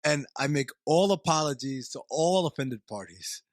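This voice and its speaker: A man's voice: a little high, normal speed, no echo, studio quality. A man co-hosting a comedy podcast, cracking playful, self-deprecating jokes. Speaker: podcast co-host. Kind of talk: casual comedic chat.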